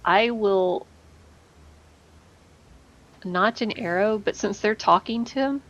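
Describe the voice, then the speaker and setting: A woman explains her next move in a tabletop game, step by step. Her voice is at an ordinary pitch. The recording sounds dull and lo-fi. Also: slow pace. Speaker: player. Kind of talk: casual tabletop play.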